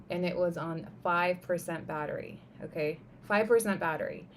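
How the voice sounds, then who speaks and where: Speaking in a fairly low voice, a young woman recounts something personal on a live stream with casual, animated energy. She says "like" and "right?" a lot and throws in an odd swear word, over a faint hiss or hum.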